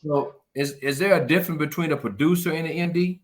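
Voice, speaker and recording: A man with a Southern US accent hosting a casual interview and asking relaxed questions with short replies. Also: on the high side, quick pace. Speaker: interview host.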